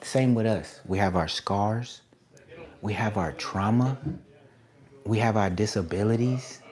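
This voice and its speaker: A man streaming live as an artist, giving excited shout-outs to viewers in casual slang, then turning soft and reflective. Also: lowish voice, unhurried. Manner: drops to a soft, quiet reflective tone. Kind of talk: casual livestream chat.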